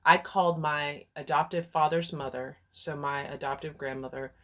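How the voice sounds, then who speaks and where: A woman's voice: low voice, steady tone, normal speed, a bit bright. A woman from Texas with a Texas accent, telling a personal story in a frank, candid way with some hesitations. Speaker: vlogger and life coach.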